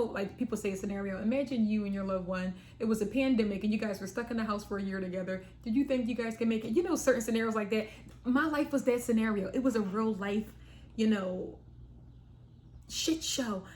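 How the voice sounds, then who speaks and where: A young woman recounts a personal story straight to camera in a loose, chatty way. She slips into little performed quotes of herself and her family, which keeps her delivery lively. A faint hiss sits under the recording. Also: medium pitch. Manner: animated, acts out quotes of herself and her sister. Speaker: vlogger.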